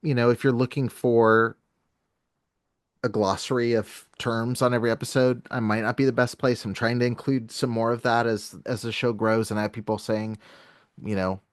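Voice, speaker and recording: A man's voice: mid-range voice, level tone, normal speed, no echo, studio quality. A man from California who is a guest on a podcast, chatty and self-deprecating, joking and telling side stories. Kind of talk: casual podcast conversation.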